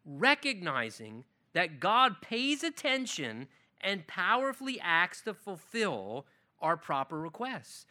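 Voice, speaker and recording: A middle-aged pastor delivers a sermon with a very bright, ringing tone. He speaks earnestly and with conviction, his pitch sitting a little above most men's. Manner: earnest preaching, acts out dialogue with rising intensity.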